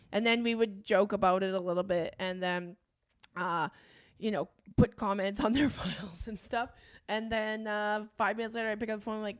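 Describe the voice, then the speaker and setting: A woman's voice: medium pitch, brisk. A woman co-hosting a podcast, chatting casually, laughing and swearing as she tells work stories. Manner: laughs often, animated, swearing. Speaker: podcast co-host. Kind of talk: casual comedic chat.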